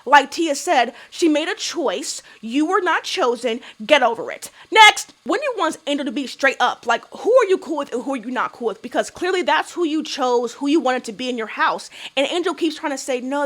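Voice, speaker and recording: A young woman with a high-pitched voice talks through a reality show episode in a casual, opinionated way. She is blunt and sassy, swears freely and keeps tossing out rhetorical questions. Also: animated, normal speed, few pauses, a bit bright. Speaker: reality TV recap vlogger.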